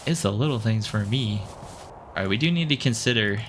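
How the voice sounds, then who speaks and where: A low-voiced man chats through his gameplay in a relaxed, playful way, calling himself "your boy" and thinking out loud. His voice often jumps up in pitch when something excites him. A faint hiss sits under his voice. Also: moderate pace. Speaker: gaming channel host. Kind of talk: casual gameplay commentary.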